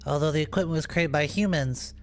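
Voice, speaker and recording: Fields: Sex: man. Figure: fantasy shopkeeper. Style: high, sing-song sales patter. Acting: a man putting on the voice. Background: faint music. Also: a little fast, natural voice. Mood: salesy. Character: eager fantasy shopkeeper hawking gear.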